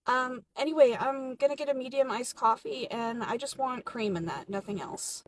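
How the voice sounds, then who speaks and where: A woman's voice: sits high, moderate pace. A woman acting out a comedy skit at a coffee counter, flustered and indignant by turns. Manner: playing barista and customers, flustered and indignant.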